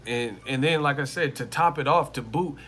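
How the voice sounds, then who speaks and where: A man's voice: mid-range voice, moderate pace, sharp tone, faint music behind. A man hosting a live boxing commentary stream, talking in a casual, slangy and emphatic way and repeating his points over and over. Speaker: boxing commentary channel host.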